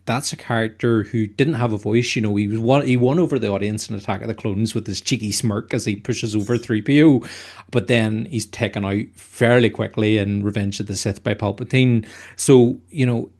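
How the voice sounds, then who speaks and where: Podcast host, man, lowish voice, long wandering questions. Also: fairly even intonation, normal speed, a little mellow. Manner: long rambling questions with fillers. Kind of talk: casual interview questions.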